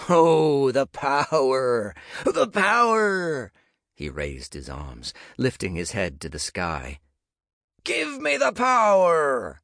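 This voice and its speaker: A man's voice: medium pitch, huge pitch swings, slow pace, vocal fry, a bit bright, no echo, studio quality, voice pushed up, heavily acted. A man voicing an arrogant young male lich in an audiobook, sneering and taunting theatrically. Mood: mock dramatic. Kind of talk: audiobook character voice.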